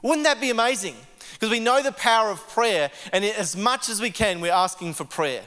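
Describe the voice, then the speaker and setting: A man's voice: sits high, animated, normal speed, bright, forceful tone, in a large hall. A male pastor preaching a conversational sermon in an earnest way, often stumbling and repeating words. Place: church service.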